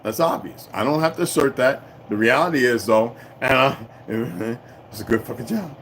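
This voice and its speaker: A middle-aged man hosts a casual livestream in a mid-range voice at normal speed, with slight background noise. He rambles, swears freely, laughs often, and talks back to his chat.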